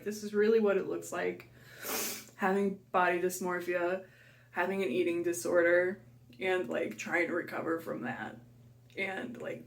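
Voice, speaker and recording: A young woman speaks candidly to her camera at home in a confessional vlog. Her voice sits low with a gravelly fry, and her speech is halting, with restarts and moments of tearful breathlessness. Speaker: vlogger. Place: home, kitchen and living room.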